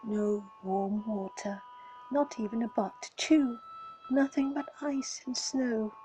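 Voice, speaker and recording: A woman reading a fantasy story aloud in a breathy, dramatic whisper. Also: fairly high pitch, steady tone, slow, mellow, soft background music, poor audio. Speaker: reader.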